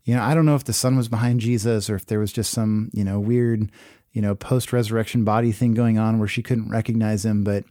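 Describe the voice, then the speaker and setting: A man giving a sermon, reading scripture aloud and then explaining it in a relaxed, conversational way with many fillers. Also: fairly low pitch, fairly quick, no echo, clean studio sound. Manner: casual, conversational preaching with fillers. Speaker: pastor.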